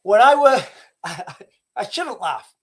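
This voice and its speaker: A man's voice: high voice, very animated, unhurried. Rambling man livestreaming. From Britain. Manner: rambling, restarts, chuckles at himself. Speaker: livestream host. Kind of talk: casual live-stream monologue.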